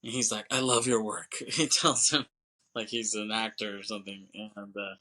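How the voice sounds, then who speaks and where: Animated podcast man recapping a movie. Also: lowish voice, moderate pace. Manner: animated retelling, acts out character lines, laughs often, swears. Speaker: podcast host.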